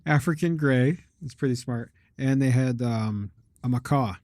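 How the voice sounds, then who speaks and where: A man co-hosting a casual podcast, telling animated stories and mimicking birds with shrill yells. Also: a little slow, dry recording, clean studio sound. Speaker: podcast co-host. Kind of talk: casual chat.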